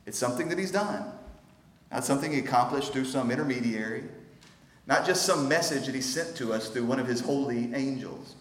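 A man preaching a sermon as pastor, earnest and emphatic, slowing down to stress key phrases. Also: mid-range voice. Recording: roomy hall with long reverb.

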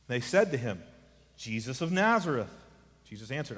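A man preaching an expository sermon, swinging from quiet asides to emphatic lines, mixing in casual remarks. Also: a little high, lively intonation, moderate pace, in a large hall. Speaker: pastor.

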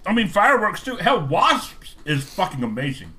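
A man trading guesses and jokes with his friends on a casual podcast. His voice is bright and bouncy and swings widely in pitch. He swears offhandedly. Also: big pitch swings, moderate pace, breathy edge. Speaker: podcast co-host, quiz contestant.

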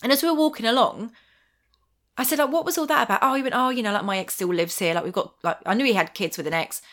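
A woman chatting casually, an animated storyteller who acts out what people said and laughs often. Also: a little high, fast talker. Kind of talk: casual chat.

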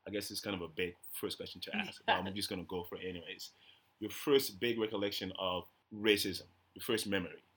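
A young man from Canada hosting a podcast, loud and outspoken in casual chat. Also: sits low, steady tone, a little fast. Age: young adult. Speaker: podcast host.

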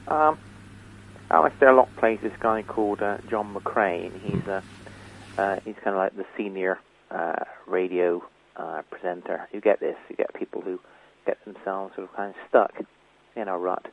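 Over a tinny phone line, a man with a gravelly, somewhat low voice speaks at a moderate pace. He's interviewed on the radio as the writer of a comedy and comes across hesitant, full of ums and chuckles.

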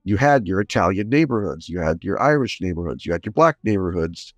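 A man's voice: low-pitched, animated, fairly quick, dry recording, soft background music. A man co-hosting a film podcast in casual chat, speaking bluntly and critically. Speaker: podcast co-host.

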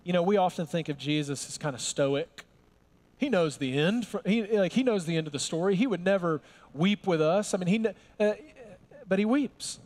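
High-voiced man preaching a casual sermon. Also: normal speed, a little mellow. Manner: conversational and humorous, with emphatic rises. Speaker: pastor.

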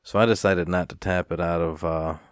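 A man's voice: sits low, fairly even intonation, fairly quick, no echo, clean studio sound. A man telling a rambling, profane story in a casual rant, sighing now and then. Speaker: vlogger.

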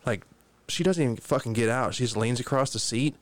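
A man's voice: medium pitch, a little fast, no echo. A young adult man telling a rambling, profane anecdote in casual chat.

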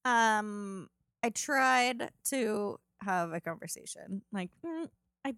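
A woman's voice: medium pitch, takes it slowly, fairly bright tone, clean tone, no room sound, studio quality. A young woman co-hosting a casual chat, sarcastic and swearing, acting out the voices of people she quotes.

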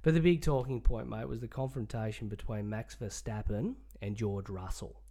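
An Australian man co-hosting a casual sports podcast, animated and jokey, calling his mate "mate" a lot. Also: fairly low pitch, normal speed. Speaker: podcast co-host.

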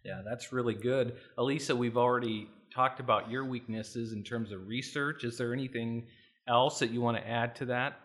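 A man's voice: mid-range voice, fairly even intonation, moderate pace, fairly bright tone. A man co-hosting a podcast, talking casually and self-deprecatingly, with frequent restarts. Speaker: podcast co-host.

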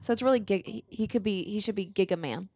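Woman co-host, casual podcast chat, playful and giggly, mid-pitched voice, dry sound. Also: fast, darkish tone, no room sound.

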